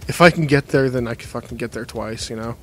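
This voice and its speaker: A man's voice: mid-range voice, quick pace, a little hiss or hum. A man giving casual let's-play commentary while he plays, swearing a lot and swinging between muttering and frustrated outbursts. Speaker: gamer playing a game.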